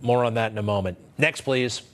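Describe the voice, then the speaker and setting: Man, news host, opinionated commentary, sarcastic, animated. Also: fairly quick. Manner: animated, sarcastic, swings pitch up sharply for emphasis.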